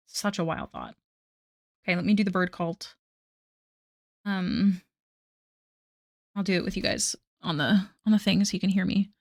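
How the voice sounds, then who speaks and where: A woman's voice: on the low side, very animated, moderate pace, creaky, pauses often, a little mellow, no room sound, clean studio sound. A woman streamer chatting casually on a live art stream, self-deprecating and laughing often.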